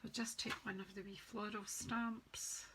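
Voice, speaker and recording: Speaking at a measured pace in a level, mid-range voice, a woman chats casually while showing how to make cards on a live stream. She greets viewers by name as she works, and the background is noisy.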